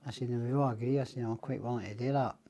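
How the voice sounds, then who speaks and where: A man's voice: medium pitch, fairly even intonation, racing, vocal fry, warm tone. A middle-aged Scottish man, a podcast guest, telling rambling, profane stories and acting out the other people's lines. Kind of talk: casual storytelling.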